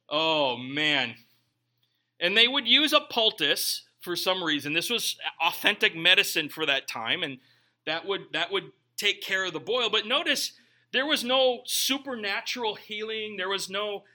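A man's voice: high-pitched, pushed and bright. A young man preaching a conversational sermon, reading scripture and then telling stories with joking asides. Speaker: pastor.

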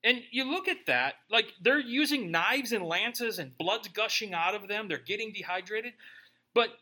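A man's voice: high-pitched, animated, moderate pace, bright, forceful tone. A man preaching a sermon in a loose, joking, conversational way, often tagging lines with "right?". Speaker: pastor.

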